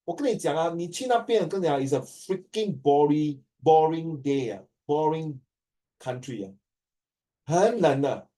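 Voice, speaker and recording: A Singaporean man leads a classroom lesson in an animated, storytelling way, mixing languages freely. His voice sits a little high with a warm, mellow tone. He sounds distant, picked up by a mic well away from him. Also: normal speed. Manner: animated, code-switching, acting out quoted dialogue. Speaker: teacher. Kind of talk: classroom talk to students.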